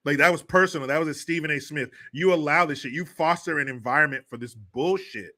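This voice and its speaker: Profane, bright-voiced ranting man. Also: on the high side, quick pace, few pauses. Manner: profane, heated, mocking. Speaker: livestream host. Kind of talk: ranting commentary livestream.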